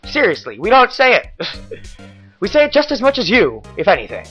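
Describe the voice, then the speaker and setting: A man's voice: high-pitched, huge pitch swings, moderate pace, sharp tone, husky, soft background music. A man giving let's-play commentary full of joking asides and rambling self-corrections. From Canada. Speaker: game player.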